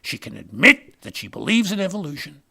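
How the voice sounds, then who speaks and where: A man playing a gravelly, rambling party insider. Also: sits high, big pitch swings, a little fast, sharp tone, heavily acted. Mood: ranting. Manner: rambling, name-dropping, punchline-driven. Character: rambling, boastful male Republican party insider. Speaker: comic character monologue. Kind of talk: satirical stand-up rant.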